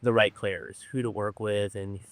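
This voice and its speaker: Laid-back rambling man, lowish voice. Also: fairly even intonation, normal speed, dry recording. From Orange County, California. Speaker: treatment program director. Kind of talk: casual storytelling on a podcast.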